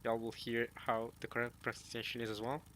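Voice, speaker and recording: A man reading a manga chapter aloud and reacting in casual chat, talking to his viewers and musing out loud. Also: medium pitch, monotone, a little fast. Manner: chatty, addresses viewers as y'all, muses aloud.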